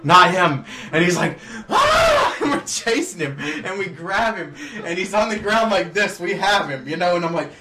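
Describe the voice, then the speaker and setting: A young man co-hosting a podcast, telling a story in an animated way and laughing often. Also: sits high, normal speed, few pauses, heavy background noise. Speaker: podcast co-host. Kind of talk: casual chat.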